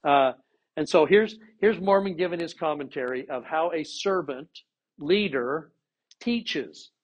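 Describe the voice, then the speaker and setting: A man teaching an informal scripture class, animated and lively, acting out quotes with plenty of voice inflection. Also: on the high side, a little slow, lo-fi sound.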